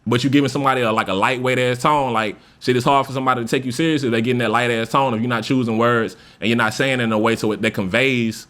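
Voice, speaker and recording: Male podcast host, fast casual monologue, mid-range voice, profane and animated. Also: mid-range voice. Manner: loose, profane, animated speaker who acts out example voices.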